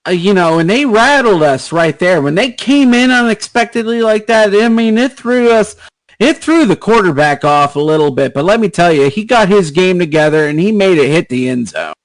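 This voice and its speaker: A man's voice: high voice, lively intonation, normal speed, dry recording, rough recording. A man, co-host of a podcast, telling a long story in casual chat, rambling and swearing with lots of fillers.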